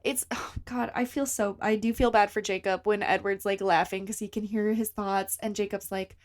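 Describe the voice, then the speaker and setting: A woman's voice: mid-range voice, fairly even intonation, moderate pace. A woman co-hosting a casual podcast chat about a book, joking wryly and swearing now and then. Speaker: podcast co-host.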